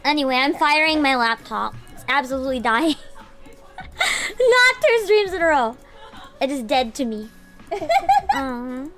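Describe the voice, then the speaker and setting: A woman streaming a video game in casual chat, excitable, often shrieking, laughing and swearing. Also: sits high, measured pace, pauses often. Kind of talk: casual gaming livestream. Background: game music.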